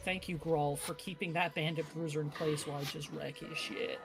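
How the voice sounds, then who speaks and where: A man playing a co-op game, chatting casually with quick, excitable reactions and the odd swear when surprised. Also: fairly high pitch, gravelly, music in the background. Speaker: player in a co-op game. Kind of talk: casual gameplay chat.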